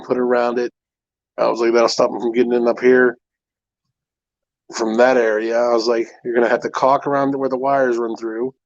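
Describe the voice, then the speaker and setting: A man's voice: medium pitch, no room sound. Rambling man telling stories, dull lo-fi sound. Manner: rambling storyteller, fillers like "I'm like". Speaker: live stream host. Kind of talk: casual chat.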